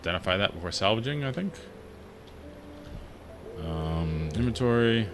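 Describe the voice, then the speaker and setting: A man streaming a fantasy game, giving relaxed, chatty commentary with wry asides. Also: on the low side, moderate pace, background noise. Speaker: gaming streamer. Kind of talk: casual gameplay commentary.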